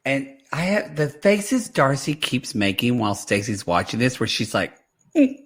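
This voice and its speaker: A man co-hosting a podcast from home at night, chatty and animated as he retells a reality show. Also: mid-range voice, normal speed, husky. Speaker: podcast co-host. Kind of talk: casual chat.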